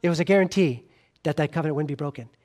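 A man preaching a sermon in an earnest way, rising to emphatic lines and dropping to quiet, soft appeals, with frequent restarts. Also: fairly high pitch, very fast.

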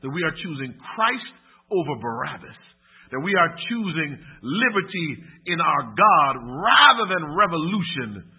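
Impassioned preacher, husky, phone-thin audio. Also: male voice, fairly high pitch, big pitch swings, phone-quality sound. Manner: impassioned, rising and falling, emphatic pauses. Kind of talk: sermon and closing prayer.

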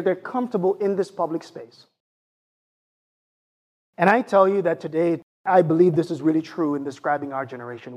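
Husky high-voiced male preacher. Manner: animated, conversational preaching with asides to the congregation. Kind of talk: sermon.

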